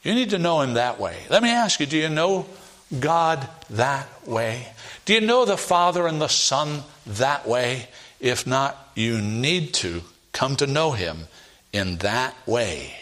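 Slow, bright-voiced male preacher. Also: sing-song. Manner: emphatic, rising to loud stresses and dropping low for weight; reads scripture aloud in King James wording. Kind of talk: sermon.

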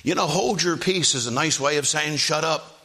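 A man preaching a sermon in a church, swinging from soft asides to shouted lines. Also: on the high side, normal speed.

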